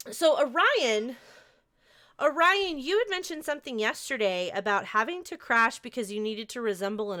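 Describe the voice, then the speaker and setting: A woman's voice: on the high side, pushed and bright. A woman streaming a game live, chatting casually and gushing over her chat. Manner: bubbly, gushes over chat.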